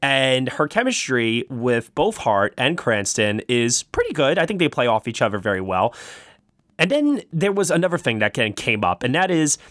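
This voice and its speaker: A man hosts a relaxed film review conversation in a mid-range voice. He stumbles over his words, repeating and restarting as he thinks aloud. The sound is dry and close, with no room around it. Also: mid-range voice, no echo. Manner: halting, many restarts and stammered repeats. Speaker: film review podcast host. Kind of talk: casual film review chat.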